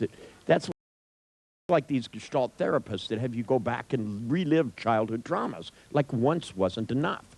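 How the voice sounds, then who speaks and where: A man's voice: mid-range voice, vocal fry, darkish tone, poor audio. A middle-aged man telling an anecdote in a wry, irreverent way, swearing freely. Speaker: storyteller. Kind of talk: profane anecdotal storytelling.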